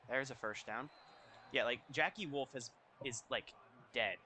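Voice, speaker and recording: Bright-voiced young man reacting to gameplay. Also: mid-range voice, unhurried, a little hiss or hum. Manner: excitable, reacting loudly to plays. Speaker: gaming YouTuber. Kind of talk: casual gameplay commentary. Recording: faint music behind.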